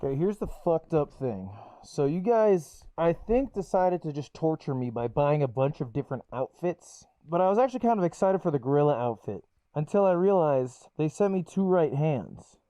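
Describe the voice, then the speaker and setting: A young man streaming casually at his desk, joking and swearing with lively energy. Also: on the high side, moderate pace, no echo. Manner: animated, jokey, swearing. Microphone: desk microphone.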